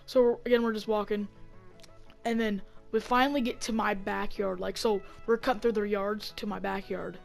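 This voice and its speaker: A woman telling a story in a casual vlog, rambling with lots of fillers and getting excited as she acts it out on a desk mic. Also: mid-range voice, normal speed, vocal fry, soft background music. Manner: rambling, heavy on fillers, gets excited acting out the fight. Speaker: vlogger.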